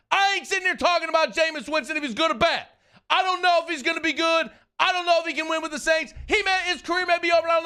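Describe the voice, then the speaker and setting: A man's voice: very high-pitched, pushed and bright. A man, hosting sports radio, ranting in a sarcastic, exasperated and emphatic way. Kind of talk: heated sports radio rant.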